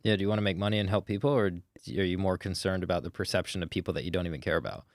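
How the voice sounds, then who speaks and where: A man in his thirties talks as a podcast guest, telling stories about sales with energy and a loose, casual edge. His voice sits low, and the recording is dry and close, with no room sound. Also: very fast, dry recording. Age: 30s. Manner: energetic storyteller, swears casually. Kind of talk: casual interview talk.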